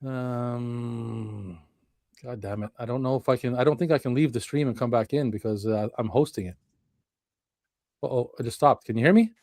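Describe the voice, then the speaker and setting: A man's voice: mid-range voice, moderate pace, pauses often, a little mellow, dry recording. A man hosting a casual live-streamed chat over a remote mic, swearing often and laughing, exasperated at glitches. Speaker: podcast host. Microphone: remote video-call stream mic.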